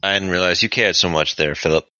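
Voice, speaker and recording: A man playing a tabletop game, speaking in character in a gruff, wry way. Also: sits low, quick pace, pushed and bright, no echo, muffled recording. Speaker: player.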